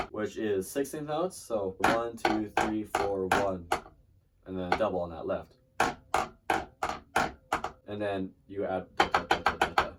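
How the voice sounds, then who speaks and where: A man giving a casual, chatty drumline lesson, breaking down snare and tenor parts and trailing off mid-demonstration. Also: lowish voice. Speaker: drumline instructor. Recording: distant mic with loud drum music.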